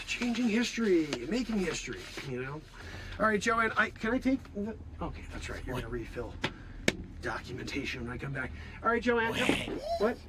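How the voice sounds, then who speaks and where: A man doing an improvised comedic monologue, ranting in an exasperated way and breaking into shouts. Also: sits high, big pitch swings, normal speed, very noisy. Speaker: comedian host.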